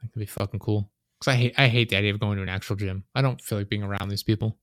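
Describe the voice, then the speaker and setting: A man's voice: lowish voice, fairly even intonation, racing, no echo. Rambling young man, dry close mic. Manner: rambling, heavy use of "like", swearing. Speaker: podcast host. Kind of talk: casual chat. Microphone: desk microphone.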